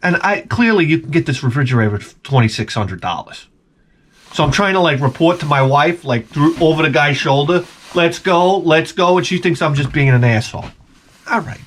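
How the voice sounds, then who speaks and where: A man's voice: fairly high pitch, expressive, fairly quick, fairly bright tone. A man telling a profane, exasperated story in casual vlog style. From Long Island, New York. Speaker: vlogger.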